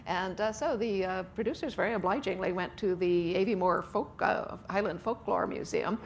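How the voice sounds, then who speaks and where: A woman author with a medium-pitched voice speaks at a moderate pace during an on-stage interview at a book festival with an audience. She's chatty, laughing often and using "uh" fillers, with slight background noise.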